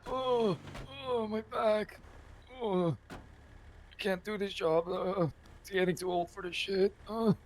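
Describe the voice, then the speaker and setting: Brief: high, groaning old geezer with a bad back, weary and whiny, put on by a man. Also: fairly even intonation, slow pace, slight background noise.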